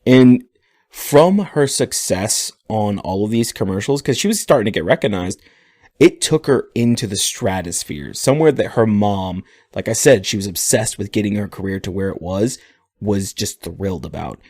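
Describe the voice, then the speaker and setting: A man's voice: lowish voice, normal speed, no echo, studio quality. Man casually recapping on a podcast. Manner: relaxed storytelling, laughing often. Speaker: podcast co-host.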